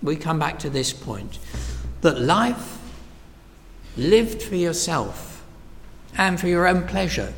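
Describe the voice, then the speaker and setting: A man preaching a sermon, slow and emphatic, swinging from hushed whispers to loud cries. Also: fairly high pitch, vocal fry. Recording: long reverb of a large hall.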